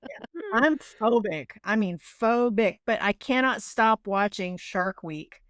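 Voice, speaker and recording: A woman's voice: mid-range voice, takes it slowly, a bit bright, no echo, studio quality. A woman co-hosting a podcast from Arkansas, joking and self-deprecating. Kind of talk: casual interview chat.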